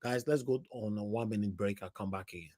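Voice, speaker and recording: A man's voice: on the low side, fast, darkish tone, dry recording, studio quality. A Nigerian man hosting a live commentary show in a chatty style, mixing in Pidgin. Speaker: host.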